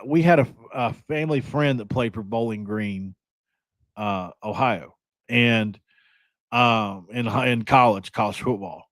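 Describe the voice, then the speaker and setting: A man's voice: on the low side, dry recording. A young man from West Virginia hosting a casual sports podcast, rambling and joking in a self-deprecating way. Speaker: podcast host.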